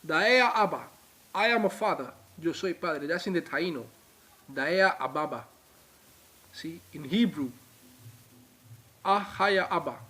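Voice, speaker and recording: A man teaches in a slow, deliberate way, turning to his viewers again and again. His voice sits a little high. He repeats key words for emphasis. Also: expressive, bright, forceful tone, slightly rough. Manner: emphatic, repetitive, addresses viewers directly. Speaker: religious teacher. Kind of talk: informal video lecture.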